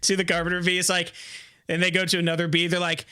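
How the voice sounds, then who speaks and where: A man's voice: high-pitched, completely flat delivery, fast, sharp tone, clean tone, dry recording, clean studio sound. A man co-hosting a podcast in casual comedic chat, playfully riffing on jokes and eagerly agreeing. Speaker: podcast co-host.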